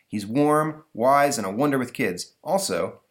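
A man voicing a calm, earnest father making a firm speech. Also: medium pitch, measured pace, voice pushed up, close to an everyday voice.

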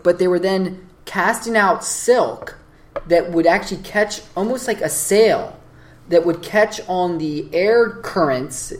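A man's voice: sits high, slow pace. A man co-hosting a podcast, telling stories in a rambling, hesitant way. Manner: rambling, hesitant storytelling with fillers. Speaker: podcast co-host. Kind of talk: casual chat.

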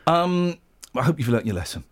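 Animated rambling male radio host. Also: fairly high pitch, normal speed, slight background noise. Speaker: radio presenter. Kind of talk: jokey studio banter.

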